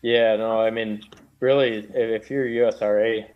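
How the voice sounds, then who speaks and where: A man from Minnesota, guesting on a racing show, talks plainly and steadily in a low voice. He stays flat, with little rise and fall. His voice comes through dull, lo-fi call audio. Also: normal speed, smooth, soft background music. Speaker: guest race driver. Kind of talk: casual interview.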